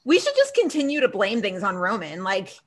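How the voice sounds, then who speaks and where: Speaking briskly in a medium-pitched voice, a woman co-hosting a podcast runs through a TV episode in a casual way. She performs the characters' dialogue with lively energy, plenty of laughter, and unfiltered swearing.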